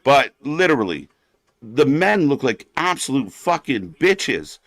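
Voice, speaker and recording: A man's voice: medium pitch, very animated, unhurried, a bit bright, no room sound. A man hosting a live wrestling watch-along stream, ranting bluntly and sarcastically, swearing often and getting heated.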